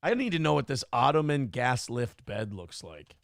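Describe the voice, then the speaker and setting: Profane, animated man with a gravelly voice. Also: mid-range voice, normal speed, dry recording, clean studio sound. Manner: profane, joking, animated riffing. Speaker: morning show co-host. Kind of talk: casual comedic banter.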